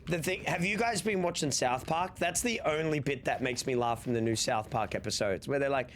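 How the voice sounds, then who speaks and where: A man's voice: medium pitch, a little fast. A young Australian man chatting casually to his stream chat, rambling and swearing freely. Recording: steady background noise.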